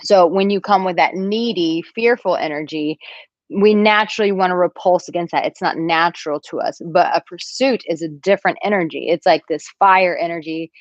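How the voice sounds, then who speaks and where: A woman's voice: dry recording, highs cut off. Chatty woman coach on a dry stream. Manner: chatty and animated, acts out quotes in a high squeaky voice. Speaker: dating and relationship coach. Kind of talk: live-stream Q&A, reading viewer comments. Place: villa room, at home.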